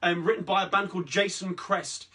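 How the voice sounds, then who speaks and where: A man with a Cockney accent chatting between songs as the host of a live-streamed sing-along, rambling cheerfully through requests and shout-outs. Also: high voice, steady tone, a little fast. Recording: distant mic with guitar playing.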